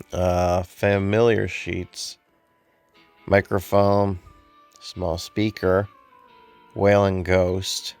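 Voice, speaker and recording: Man, very low voice, gravelly fry, slow hesitant game commentary, sleepy. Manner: relaxed, hesitant, many ums and uhs. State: sleepy, yawning. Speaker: gameplay video host. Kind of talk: casual gameplay commentary.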